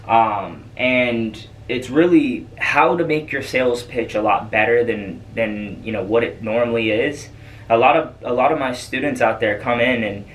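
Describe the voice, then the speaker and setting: Male trainer, casual rambling delivery, mid pitch, recorded off-mic with light background noise. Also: fairly bright tone, far from the mic, rough recording. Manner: loose and chatty, many fillers and repeats. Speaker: freight broker trainer. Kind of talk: casual coaching monologue.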